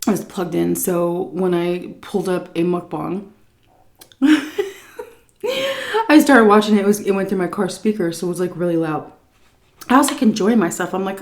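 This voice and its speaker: Woman vlogger, slightly low voice, casual storytelling while eating, lively impressions. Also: moderate pace. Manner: animated, mimics people in her story. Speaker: mukbang vlogger.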